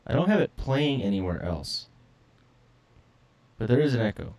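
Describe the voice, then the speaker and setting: A man's voice: medium pitch, big pitch swings, normal speed, darkish tone. A man co-hosting a live podcast stream, fumbling with his audio setup while joking and sounding exasperated. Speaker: podcast co-host. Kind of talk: casual live-stream chat.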